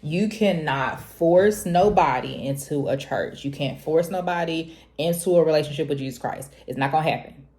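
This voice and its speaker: A young woman, talking to camera in a casual, preachy, animated way and laughing often. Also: normal speed, hardly any pauses. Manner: animated, preachy, laughs often, jumps high when quoting herself. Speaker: vlogger. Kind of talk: casual confessional talk to camera.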